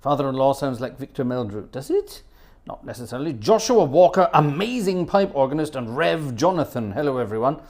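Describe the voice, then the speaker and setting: A man's voice: mid-range voice, expressive, brisk, few pauses, a little mellow. A man hosting a live stream, reading out viewers' names one by one and greeting them, humming little filler tunes between names. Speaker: livestream host and organist.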